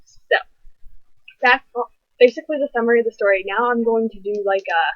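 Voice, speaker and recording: A teenage girl chatting casually on camera, reviewing a book with animated rants. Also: on the high side, a little fast, no echo. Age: teens. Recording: dull, dry lo-fi webcam sound.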